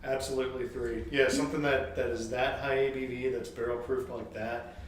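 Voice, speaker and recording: A man's voice: mid-range voice, fairly even intonation, brisk. Laid-back man, distant and echoey. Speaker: whisky review co-host. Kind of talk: casual chat. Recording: distant, very echoey, faint noise.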